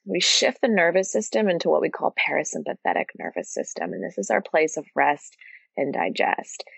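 Earnest woman with a low, dry voice. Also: normal speed, gravelly, husky, no echo. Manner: earnest and animated storytelling, draws out key words. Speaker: podcast guest, yoga teacher. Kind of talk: casual podcast conversation.

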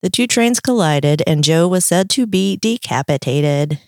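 A woman from North Carolina tells a local legend on a podcast, brisk and amused. Her voice sits a little low for a woman. It sounds close and dry. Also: lively intonation, darkish tone, no room sound. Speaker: podcast host, storyteller. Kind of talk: casual chat, telling a legend.

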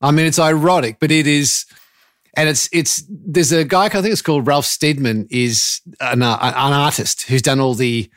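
A man's voice: fairly high pitch, normal speed, a bit bright, no room sound, clean studio sound. A man hosting a podcast, chatty and friendly, telling rambling anecdotes. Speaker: podcast host. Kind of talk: casual interview chat.

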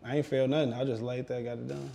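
A man's voice: medium pitch, quick pace, gravelly, a crowd in the background. A man in his thirties, an interview guest, chatting casually and rambling with lots of fillers while getting used to new dental work in his mouth. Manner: relaxed, rambling, heavy use of "like". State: talking around brand-new dental work. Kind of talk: casual chat.

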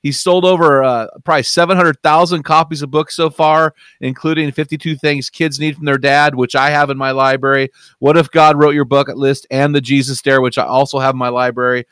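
A man hosting a faith podcast, upbeat and teasing, with some halting fillers. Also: medium pitch, steady tone, a bit bright, clean tone, no room sound. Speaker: podcast host. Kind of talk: casual podcast chat.

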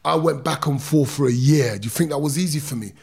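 A man's voice: fairly high pitch, quick pace, creaky, a little mellow, husky. A middle-aged man, a former boxer telling his own story in an interview, intense and emphatic, stretching words out and using street slang. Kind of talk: emotional personal storytelling.

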